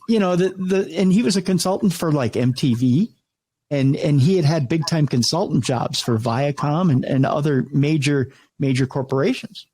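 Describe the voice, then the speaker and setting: Lively middle-aged man telling a radio story. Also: fairly high pitch, moderate pace, breathy edge, poor audio. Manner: animated, many restarts, acts out quoted voices. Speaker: radio host. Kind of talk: casual interview storytelling.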